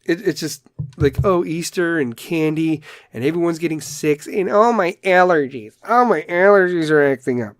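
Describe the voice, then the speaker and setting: A man's voice: a little high, animated, moderate pace, no room sound, clean studio sound. A man hosting a casual solo podcast, ranting in a rambling, profane way and telling dad jokes. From Chicago area. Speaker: podcast host.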